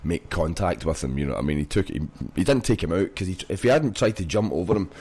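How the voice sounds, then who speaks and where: A man's voice: low-pitched, expressive, quick pace, darkish tone, slightly rough. A man chatting casually about football as a podcast co-host, rambling with restarts and asides. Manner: rambling, frequent restarts and "you know what I mean".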